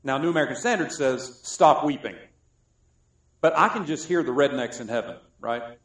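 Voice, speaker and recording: A man from South Carolina preaching a sermon, joking and swinging between loud and soft. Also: mid-range voice, moderate pace. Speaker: pastor. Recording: echoey room.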